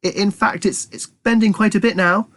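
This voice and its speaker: A man's voice: high voice, steady tone, normal speed, fairly bright tone, voice pushed up. A man doing a chirpy little tap-dancing rat. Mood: nervous. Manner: chirpy, stammering, upbeat. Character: cheerful plump male tap-dancing rat.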